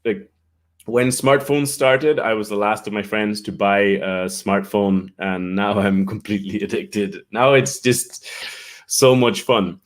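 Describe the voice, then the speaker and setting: A man's voice: fairly low pitch, steady tone, a little slow. Irish guy hosting a live stream, chatty, reads out names from the comments, laughs a lot. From Ireland. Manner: greets viewers by name from the comments, laughs often. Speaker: English teacher, live-stream host. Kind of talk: casual live-stream chat.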